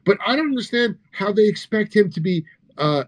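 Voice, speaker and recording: This man mocks news footage in an animated, fairly quick stream of profanity and sarcasm, crude throughout, alternating between shouting and muttering under his breath.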